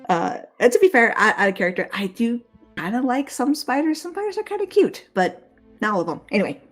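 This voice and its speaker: A woman's voice: fairly high pitch, big pitch swings, fairly quick, faint music behind. A woman playing in a tabletop game, narrating her character's actions in a chatty, giggly way with many fillers. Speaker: player.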